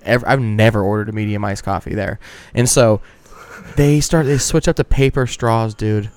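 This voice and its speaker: A man in his thirties hosting a casual podcast, swearing freely and ranting with animated, worked-up energy. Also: fairly low pitch, moderate pace, smooth, no room sound. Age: 30s. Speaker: podcast host.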